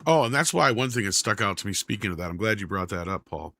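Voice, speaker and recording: A man on a pop-culture podcast panel, chatting casually in a blunt, profane, animated way. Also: fairly low pitch, fast talker, no echo. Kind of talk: casual chat.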